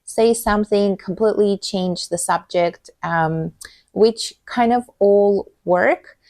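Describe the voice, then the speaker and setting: A woman's voice: mid-range voice, slow pace, darkish tone, no room sound. A woman coaching on communication, talking earnestly and reassuringly to camera and walking through examples. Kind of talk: advice talk to camera.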